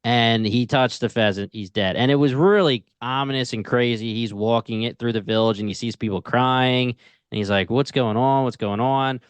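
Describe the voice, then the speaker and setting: A man co-hosting a casual TV review podcast, retelling scenes in an animated, slangy way. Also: mid-range voice, normal speed, clean tone, no echo. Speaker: podcast co-host.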